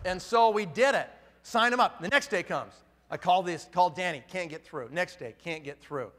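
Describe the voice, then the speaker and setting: A middle-aged man with a high voice tells a story from a big hall, and the sound rings with a long reverb. He talks with a lot of animation and acts out each person in the tale. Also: lively intonation, moderate pace, fairly bright tone. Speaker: business speaker. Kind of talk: storytelling talk to an audience.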